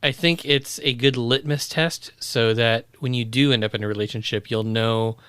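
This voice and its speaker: A man's voice: mid-range voice, steady tone, normal speed, a bit bright, clear, resonant tone, dry recording. A man co-hosting a casual podcast, talking things through thoughtfully with dry humor. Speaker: podcast co-host. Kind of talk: casual chat.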